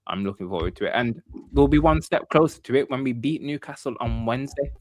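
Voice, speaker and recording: Male podcast host, mid-pitched, chatty and upbeat, close and dry. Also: animated, quick pace, no echo. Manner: upbeat, sign-off patter with frequent "um, but yeah". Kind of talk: casual fan chat.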